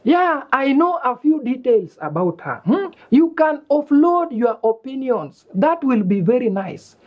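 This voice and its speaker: A man's voice: extremely high pitch, big pitch swings, unhurried, muffled recording, full character voice. An actor playing a boastful young man who bosses his friends around in a comedy series. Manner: bossy, teasing. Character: boastful young man scheming a fake reality-show life. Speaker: student. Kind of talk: comedy web series acting.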